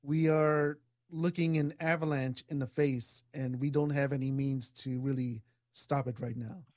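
A man's voice: medium pitch, measured pace, no room sound, studio quality. A man hosting a radio talk show, thanking guests and closing the program. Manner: steady, wraps up segments and thanks guests.

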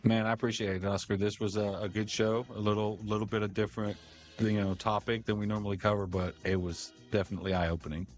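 A man who is a freelance writer, speaking relaxed with pauses as a radio show guest. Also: on the low side, soft background music. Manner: relaxed, with hesitations and fillers. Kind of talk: radio talk show discussion.

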